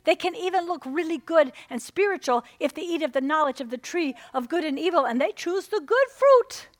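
A woman's voice: extremely high pitch, expressive, brisk, no echo, clean studio sound. A woman preaching a sermon, telling stories and acting out her own inner voices, checking in with "amen?" as she goes.

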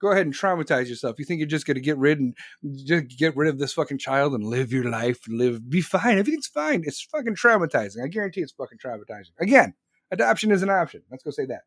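A young male streamer with a high-leaning, fast, slightly bright voice full of big pitch swings reads chat and reacts with a profane rant. He is crude and sarcastic, swears nonstop and laughs at his own jokes. The audio is studio quality with no echo.

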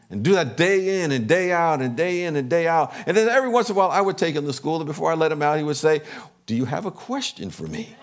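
Middle-aged male pastor, slightly high voice, earnest sermon delivery. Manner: earnest, builds up energy on repeated affirmations.

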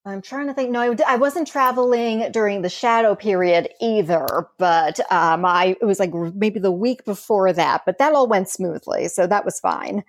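A woman's voice: medium pitch, normal speed, hardly any pauses, dry recording, clean studio sound. Woman, co-host, casual chat, wry, laughing, hesitant restarts. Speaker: podcast co-host.

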